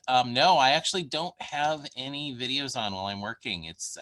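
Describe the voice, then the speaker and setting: A man's voice: on the low side, pushed and bright. A man hosting a casual live stream chat, talking earnestly and rambling a little, often trailing off between thoughts.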